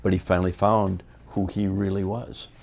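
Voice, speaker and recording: A man's voice: normal speed, gravelly. An older American man, a former wrestler, telling stories in a shoot interview and acting out the people in them. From United States. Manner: animated storyteller, acts out the people in his stories in loud high voices.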